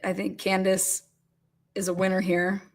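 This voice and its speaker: Her mid-range voice is fairly monotone and a bit slow as she runs a laid-back livestream. She calls out bingo games, reads comments from viewers, and laughs frequently.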